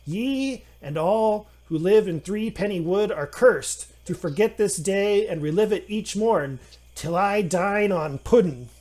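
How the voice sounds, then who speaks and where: A man's voice: sits high, expressive, unhurried, a little mellow, voice pushed up. A man voicing a mischievous, petulant male gnome trickster who whines like a spoiled child. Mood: cursing. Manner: whiny, childish, stamping tantrum.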